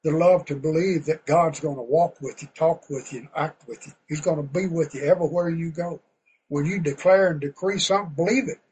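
Man preaching, fervent and folksy, high-pitched voice, faint background hum. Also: brisk, low-quality recording. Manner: folksy, fervent, rising to loud bursts. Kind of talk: sermon.

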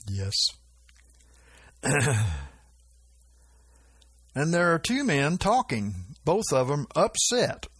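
A man preaching informally about prophetic dreams, with frequent chuckles and a slow, drawling delivery. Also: a little high, big pitch swings, slightly rough, dry recording. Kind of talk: informal religious teaching.

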